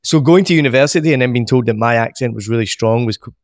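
A man in his forties from Scotland with a soft Glaswegian accent, a comedian guest telling stories slowly and carefully in a podcast interview. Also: mid-range voice, no room sound, studio quality. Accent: soft Glaswegian Scottish. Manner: slow, carefully enunciated storytelling.

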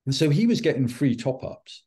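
Man, middle-aged, podcast guest, animated storyteller, warm low-key timbre. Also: normal speed. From United Kingdom. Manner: animated, acts out quoted dialogue. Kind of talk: anecdotal storytelling.

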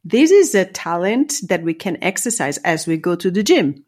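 Thoughtful woman coach explaining calmly. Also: on the low side, normal speed. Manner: thoughtful, explanatory, with hesitations and self-corrections. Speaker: leadership coach, guest. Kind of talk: conversational interview.

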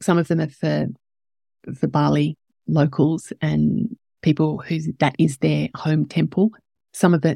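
A woman hosts a podcast in a low, gravelly, mellow voice, recorded dry with clean studio sound. She tells a personal story emotionally and candidly, swearing and growing teary at moments.

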